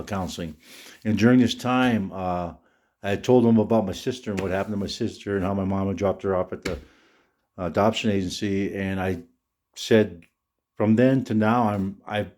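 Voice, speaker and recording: A man's voice: fairly low pitch, warm tone. An older man from Minnesota telling a story from his youth in a casual, rambling way, full of restarts and fillers, with his voice jumping up when he quotes people. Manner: rambling, with many "you know" and restarts; voice jumps up when quoting others.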